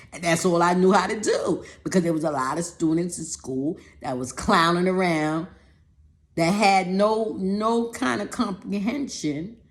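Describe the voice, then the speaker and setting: A woman telling a personal story in a talk, animated, acting out other people's voices and often repeating words. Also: deep voice, echoey room. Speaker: speaker giving a talk.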